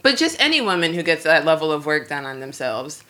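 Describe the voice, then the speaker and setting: A woman's voice: sits low, big pitch swings, brisk, bright, forceful tone. A woman co-hosting a casual podcast chat, asking pointed, skeptical questions. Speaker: podcast co-host.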